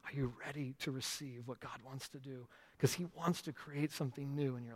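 A man preaching a sermon as pastor, swinging from loud urgent passages to quiet, intimate ones. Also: mid-range voice, fairly even intonation, brisk, breathy edge. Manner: impassioned preaching with wide swings from loud to soft. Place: church sanctuary. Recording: long reverb of a large hall.

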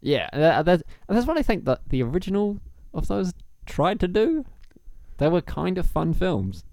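A man's voice: high voice, very animated, moderate pace, gravelly, a little mellow, no echo, studio quality. A man co-hosting a film podcast, chatting casually and rambling with many restarts. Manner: rambling, restarts, laughs often. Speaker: podcast co-host. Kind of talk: casual chat.

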